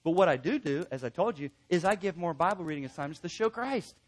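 A man teaching a class of counselors in an animated way, repeating key points for emphasis and acting out quoted remarks. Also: fairly high pitch, fast. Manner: emphatic repetition. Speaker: counseling instructor.

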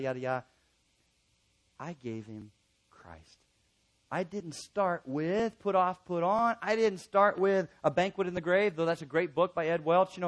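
Man preaching with sweeping loud-to-quiet swings. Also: fairly high pitch. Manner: swings from loud emphatic peaks to quiet intimate storytelling. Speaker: pastor. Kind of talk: sermon.

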